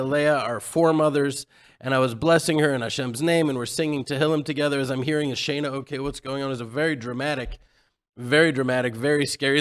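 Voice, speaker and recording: A man in his forties, co-hosting a radio talk show, telling a story in an emotional, animated way. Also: fairly high pitch. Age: 40s. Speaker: radio co-host. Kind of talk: casual radio chat.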